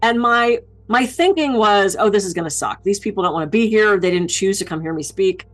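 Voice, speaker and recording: A woman's voice: medium pitch, fairly quick, poor audio. A woman keynote speaker giving public speaking advice, telling stories about her own mishaps with self-deprecating humor. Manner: lively self-deprecating storytelling.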